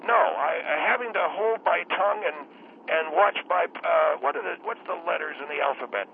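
A man's voice: fairly high pitch, normal speed. A man playing a cranky, phlegmy old grandpa on the phone. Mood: grumbling. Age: older. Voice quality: throat-clearing, phlegmy. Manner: rambling, combative, loses his words. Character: cranky old grandpa, retired courtroom lawyer. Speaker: radio caller. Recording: tinny phone line with faint hiss.

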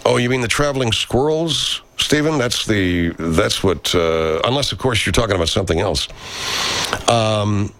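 A man with a low voice that swings widely in pitch, riffing casually as he reads viewer comments off a live stream. His talk is loose, profane and full of asides, into a studio microphone. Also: expressive, normal speed, fairly bright tone. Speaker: radio comedian hosting a live stream.

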